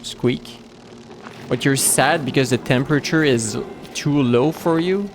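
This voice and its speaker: A man's voice: medium pitch, slight background noise. A man streaming a game live, chatting casually and rambling with many restarts and fillers. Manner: rambling, halting with frequent restarts.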